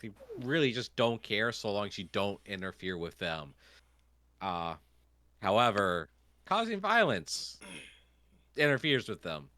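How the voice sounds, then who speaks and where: A man's voice: lowish voice, bright, forceful tone, dry recording. A man narrating as game master, rambling with lots of fillers.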